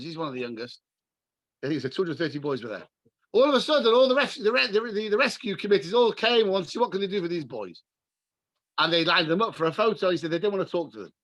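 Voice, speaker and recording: An English man, a rabbi, teaching a class over a video call and telling stories in an animated way, with Hebrew and Yiddish words mixed in. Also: high-pitched, no echo, poor audio. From England. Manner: animated storyteller, mixes in Hebrew and Yiddish terms. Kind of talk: Torah class with storytelling.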